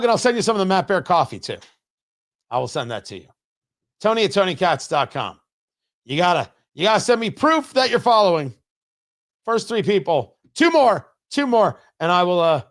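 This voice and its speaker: A man's voice: a little high, a bit bright. A man hosting a talk show, giving sarcastic, opinionated political commentary straight to his listeners.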